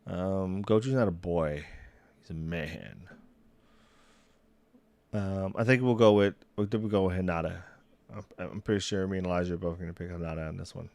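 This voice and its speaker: A man's voice: sits low, moderate pace, creaky, pauses often, darkish tone, dry recording. A young man chatting casually on a solo livestream, rambling, restarting sentences and laughing at himself. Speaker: streamer. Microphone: desk mic.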